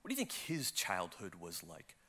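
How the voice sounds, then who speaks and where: A man voicing the gentle, searching Spirit of God in a sermon story, speaking low, slow and hushed. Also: wildly swooping pitch, breathy edge, exaggerated voice. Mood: tender.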